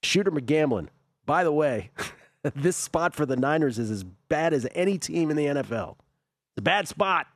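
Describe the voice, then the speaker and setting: A man hosting a sports radio talk show, reading listener messages aloud and adding quick remarks. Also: a little high, expressive, dry recording, studio quality. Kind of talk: casual talk show banter.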